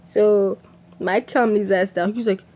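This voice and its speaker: A woman talks casually through a story, laughing often as she goes. Her pitch sits in the middle, and her telling is loose and chatty with plenty of fillers. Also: steady tone, moderate pace, a little mellow. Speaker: vlogger recapping a movie. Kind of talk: casual chat.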